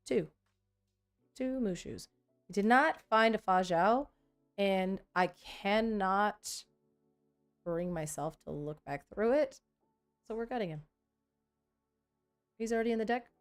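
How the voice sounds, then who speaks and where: A woman talks casually as she sorts a pile of trading cards, thinking aloud and teasing herself about the mess. Her voice sits at an ordinary middle pitch. Soft music plays faintly underneath. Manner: chatty, self-mocking, thinks aloud. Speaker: vlogger sorting trading cards. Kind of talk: casual chat while working.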